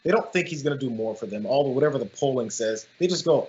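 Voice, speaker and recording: A man's voice: mid-range voice, animated, quick pace, a little mellow. A man co-hosting a political commentary show, talking emphatically and often restarting his phrases. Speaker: co-host. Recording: dull lo-fi sound.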